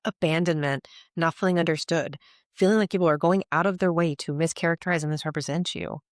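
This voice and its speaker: A woman's voice: low-pitched, fairly even intonation, fast, dry recording, studio quality. A woman hosting a podcast, speaking earnestly and emotionally in a flowing, heartfelt way about spiritual growth.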